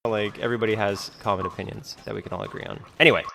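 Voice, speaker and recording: Man rambling in a vlog, low voice, lots of fillers. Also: fairly even intonation, rapid-fire, creaky, background noise. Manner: rambling, fillers like "like" and "you know". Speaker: video creator being reacted to.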